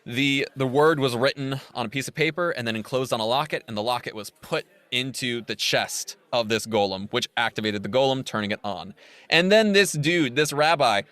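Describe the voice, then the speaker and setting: A man's voice: mid-range voice, clean tone, no echo. A man co-hosting a podcast, casually retelling a film's plot and acting out its characters' lines. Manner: animated recapping with acted-out quotes. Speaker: podcast co-host.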